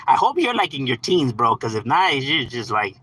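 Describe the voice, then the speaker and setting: A man's voice: mid-range voice, very animated, normal speed, pushed and bright, husky, poor audio. A man on a casual livestream, talking to his chat in slang and profanity, often saying "bro" and "homie" and laughing as he talks. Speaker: live streamer.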